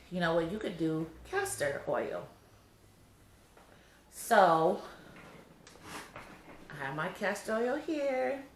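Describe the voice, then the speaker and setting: A woman's voice: deep voice, roomy sound, a little hiss or hum. A heavily pregnant woman giving a casual vlog update, blunt and exasperated, cussing freely. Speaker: vlogger.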